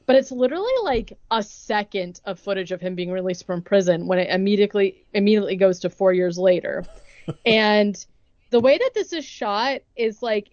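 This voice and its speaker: A woman's voice: medium pitch, darkish tone, dry recording, lo-fi sound. A young woman co-hosting a podcast, retelling a movie plot in casual chat, full of "like" and acted-out quotes. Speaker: podcast co-host recapping a movie.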